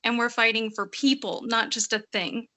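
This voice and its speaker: A woman's voice: on the high side, steady tone, normal speed, bright, forceful tone. A woman co-hosting a podcast interview, speaking in a passionate, emphatic way. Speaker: podcast co-host. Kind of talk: casual interview.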